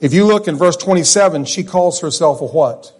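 A man delivers a sermon at a church service in a husky, breathy voice that sits a little high. He swings between loud, lifted declarations and quiet, low-pitched phrases. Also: animated, fairly quick. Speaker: preacher.

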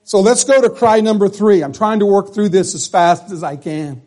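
Pastor, male, high voice, conversational sermon with questions to the congregation. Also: moderate pace, darkish tone.

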